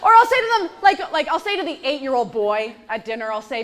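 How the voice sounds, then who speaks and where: A woman performing a stand-up comedy set on stage, with a punchy, sarcastic delivery and deadpan asides. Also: high-pitched, fast talker, slight background noise. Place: comedy stage before a live audience. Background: audience laughter.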